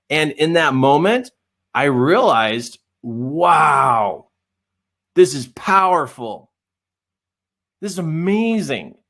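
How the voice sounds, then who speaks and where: A middle-aged man telling a story in a coaching webinar, animated and often laughing. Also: medium pitch.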